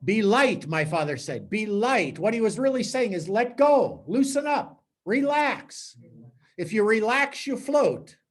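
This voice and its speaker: Male priest, fairly high voice, lively storytelling preacher who stumbles and repeats words. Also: measured pace. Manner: animated storytelling with acted-out quotes and sound effects; repeats words and restarts mid-sentence. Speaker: priest giving a talk. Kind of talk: spiritual teaching talk.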